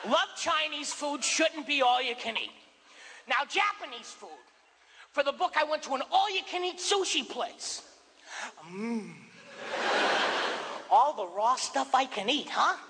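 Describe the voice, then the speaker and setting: A man performing a stand-up comedy routine with quick punchline delivery. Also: extremely high pitch, expressive, a little hiss or hum. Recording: live stage recording in a hall, loud audience. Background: audience laughter.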